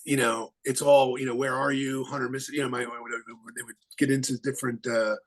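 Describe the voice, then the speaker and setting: A man, an attorney, speaking as a guest in a casual interview, halting with many restarts and fillers. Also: mid-range voice, flat delivery, rough recording.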